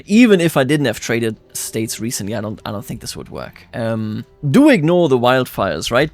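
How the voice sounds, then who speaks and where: A man hosting a strategy game let's-play, chatting and musing aloud as he plays, his voice jumping up when excited. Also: no room sound. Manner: chatty, musing aloud, quick jumps of pitch and loudness. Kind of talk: game commentary.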